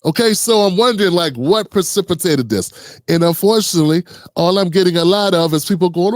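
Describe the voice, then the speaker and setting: A man's voice: sits high, animated, normal speed, dry recording, studio quality. A man hosting a commentary channel, talking casually and earnestly with many restarts and rhetorical questions.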